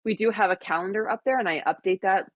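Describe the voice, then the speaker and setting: A woman's voice: mid-range voice, fast talker, dull audio. A woman co-hosting a game stream, chatting casually and often trailing off into laughs. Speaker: stream co-host.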